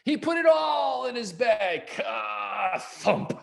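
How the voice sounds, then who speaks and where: A man's voice: fairly high pitch, sing-song, slow. A man reading a picture book aloud to young children, with chuckling asides. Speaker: early-years program reader.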